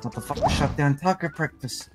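A man's voice: on the high side, moderate pace, music in the background. A man playing a police officer in a gaming roleplay, rowdy and swearing often.

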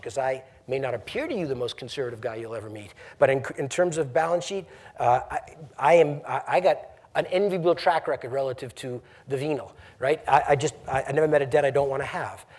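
A man's voice: medium pitch, darkish tone. A middle-aged man, a company CEO, giving an emphatic, conversational address to a college audience and often asking the room questions. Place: lecture hall.

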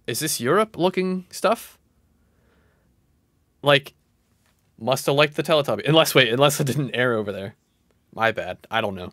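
Animated, excitable man in his thirties. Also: mid-range voice, moderate pace, pauses often, no echo, clean studio sound. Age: 30s. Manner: excitable, jumps between shouting and muttering. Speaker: live streamer. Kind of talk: casual live reaction commentary.

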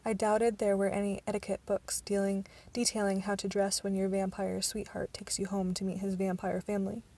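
Amateur woman audiobook narrator, gravelly and flat, some stumbles and restarts. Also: mid-range voice, brisk.

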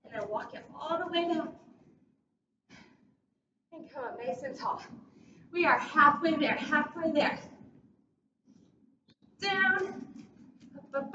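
A woman leading a guided workout as a fitness instructor, cheering people on with upbeat cues and countdowns, a bit out of breath. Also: extremely high pitch. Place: large echoey gym. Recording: echoey, distant, dull, noisy.

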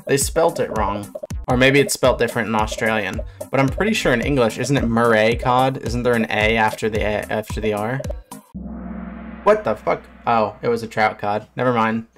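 A man's voice: medium pitch, fairly bright tone. A man, a fish biologist streamer, giving casual reaction commentary, blunt and swearing, bursting into surprised questions.

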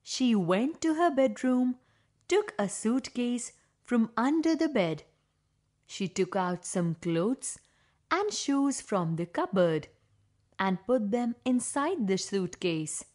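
A woman narrating a children's story in a slow, clearly paced storytelling voice. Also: a little high, expressive, darkish tone.

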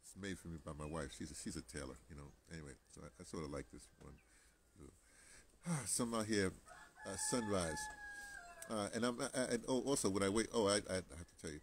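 A man's voice: low-pitched, a little fast, a little hiss or hum. An American man talking to camera in a rambling, casual monologue, chatty and digressive, with many restarts and asides. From United States. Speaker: vlogger.

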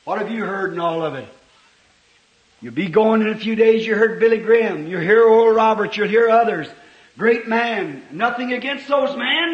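A man preaching a sermon at a church service, swinging from hushed, folksy talk to sudden impassioned shouts. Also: high-pitched, animated, normal speed, dull audio. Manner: folksy, homespun phrasing. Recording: echoey old church sermon recording.

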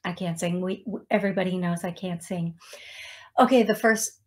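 A woman's voice: medium pitch, steady tone, a little mellow. A woman hosting a psychic medium live stream, chatting with viewers and calling out names and songs in a casual, self-deprecating way. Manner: slow, chatty, self-deprecating with small laughs. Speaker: psychic medium show host. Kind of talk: live-stream talk show, reading out names.

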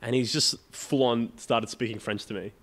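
A man's voice: mid-range voice, steady tone, normal speed, a bit bright. A young man co-hosting a podcast, telling rant-filled stories in casual chat and swearing freely. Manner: swears a lot, ranting storyteller. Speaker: podcast co-host.

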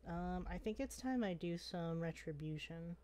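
A woman's voice: fairly low pitch, expressive, normal speed, mellow. A woman playing a video game on a friend's stream, chatting casually in a playful, jokey way. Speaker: guest co-player on a game stream. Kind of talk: casual gaming chat.

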